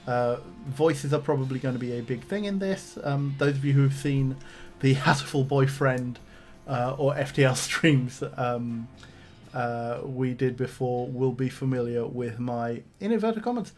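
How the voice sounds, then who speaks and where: A man of middle pitch chats through a video game stream, reading the game's text aloud and dropping easygoing comments between lines. Faint guitar music plays softly underneath. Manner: chatty, reads on-screen text aloud with asides. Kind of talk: casual game let's-play commentary.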